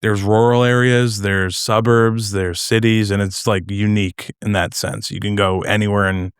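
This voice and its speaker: A man's voice: lowish voice, flat delivery, moderate pace, smooth, dry recording, studio quality. A young man from North New Jersey, a comedian guest chatting casually on a podcast, rambling and hesitant with many fillers.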